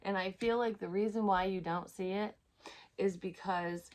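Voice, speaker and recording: A woman's voice: mid-range voice, steady tone, normal speed, a little mellow. A woman giving a casual tarot reading, chatty, swearing freely and laughing at herself. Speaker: psychic tarot reader.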